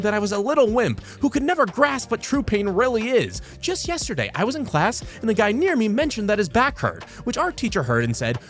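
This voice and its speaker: A man reading funny posts aloud as comedic scripted narration, highly animated and jumping between voices. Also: a little fast, hardly any pauses. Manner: highly animated, frequent sudden voice shifts.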